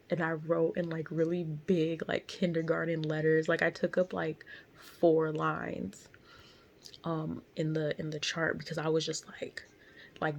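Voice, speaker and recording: Gravelly, low-voiced young woman, tearful. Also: slight background noise. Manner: candid, tearful, slangy, full of fillers. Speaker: vlogger. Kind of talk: emotional personal storytelling. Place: in a car.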